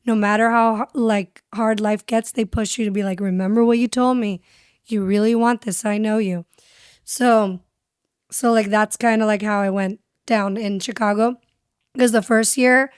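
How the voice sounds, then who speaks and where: A woman's voice: a little high, clean tone, dry recording, studio quality. A young woman speaking as a podcast guest and radio host, telling her story candidly and switching between English and Spanish. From San Diego. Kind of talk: casual interview chat.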